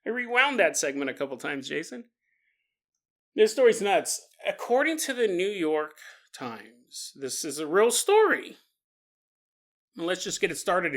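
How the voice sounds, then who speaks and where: Guy hosting a storytelling podcast, bright voice, keeps cracking up mid sentence. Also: high-pitched, big pitch swings, measured pace, long pauses. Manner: joking, laughs through his sentences. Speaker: podcast host.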